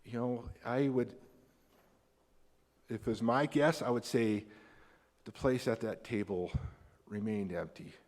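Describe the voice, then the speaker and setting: An American man delivers a sermon from the pulpit, lively and theatrical, his voice leaping up when he acts out the characters. His mid-range voice carries through a church hall with a long, ringing reverb. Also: measured pace, pauses often. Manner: animated, acts out quoted characters with big pitch jumps. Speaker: pastor. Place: church sanctuary.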